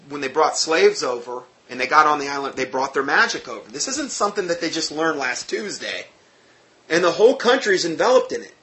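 Animated man telling a personal story. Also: a little high. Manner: animated, emphatic, with frequent restarts.

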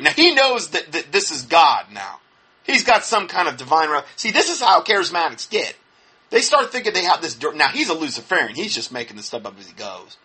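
A man with a husky edge and a forceful, bright voice picks apart a preacher's claims. He scoffs and sounds indignant, with a lively, swooping pitch and a slightly high voice for a man. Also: moderate pace. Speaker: religious commentator. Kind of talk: critical commentary on a preacher.

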